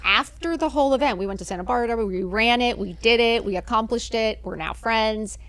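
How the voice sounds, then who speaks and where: Animated woman telling a story. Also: on the high side, brisk, no echo. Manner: animated, acts out quoted dialogue, swears freely. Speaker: podcast guest. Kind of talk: casual storytelling chat.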